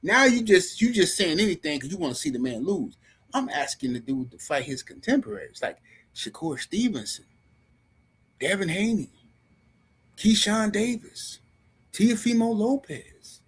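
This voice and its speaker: A man with a high, husky voice hosts a live stream and rants about boxing. He talks heatedly and in slang, speaking straight to his viewers. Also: lively intonation, normal speed.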